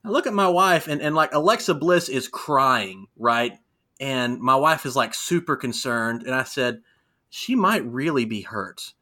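A man in his thirties co-hosting a casual wrestling chat, animated and rambling with fillers. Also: medium pitch, moderate pace. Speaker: podcast co-host.

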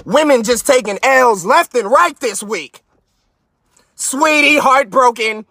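A man hosting a live stream, ranting in a profane, mocking way from his car and sometimes breaking into shouts. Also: very high-pitched, slow, no room sound. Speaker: podcast host.

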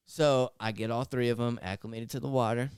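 A man's voice: mid-range voice, fairly even intonation, brisk, darkish tone, clean tone, no room sound, clean studio sound. A laid-back man on a podcast telling a story and swearing freely. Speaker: podcast co-host. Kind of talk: casual chat, storytelling.

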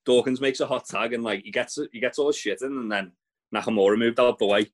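A man's voice: medium pitch, steady tone, quick pace. A man, co-hosting a podcast, recapping wrestling in a rambling, sweary casual chat. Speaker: podcast co-host.

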